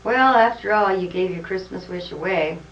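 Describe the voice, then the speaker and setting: A woman's voice: on the low side, normal speed, a little hiss or hum, lightly acted. A woman reading as kindly old Santa Claus. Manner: gentle storybook reading. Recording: roomy distant dull home tape.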